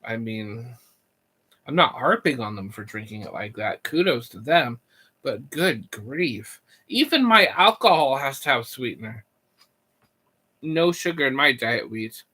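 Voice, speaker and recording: A man's voice: mid-range voice, sing-song, measured pace, bright, forceful tone. A young man chatting casually on a live stream, rambling, joking and answering his chat. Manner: goofy, rambling, reads chat and jokes.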